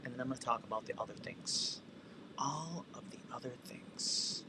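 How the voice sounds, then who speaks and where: A man hosting a casual livestream, walking viewers through real estate tech tools with energetic, chatty asides. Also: medium pitch, moderate pace, background noise. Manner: energetic, talkative, shout-outs and asides.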